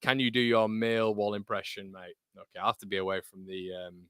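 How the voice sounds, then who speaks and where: Excitable young man hosting a football stream. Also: lowish voice, brisk, clear, resonant tone, dry recording, studio quality. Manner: excitable, swears, calls viewers mate. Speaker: football watchalong host. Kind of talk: live stream chat reading viewer comments.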